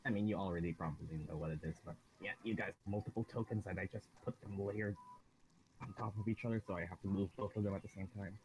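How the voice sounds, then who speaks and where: A man's voice: sits low, steady tone, fast talker, a little mellow, a little hiss or hum, rough recording. A man narrating as dungeon master, rambling and correcting himself as he goes. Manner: rambling, self-correcting, often laughing. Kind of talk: narrating a tabletop game.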